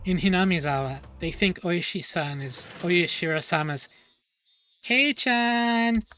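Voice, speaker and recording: A woman streamer reads a visual novel aloud, breaking off for joking asides. Her voice is bright and clear. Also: low-pitched, normal speed. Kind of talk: reading aloud with chatty asides.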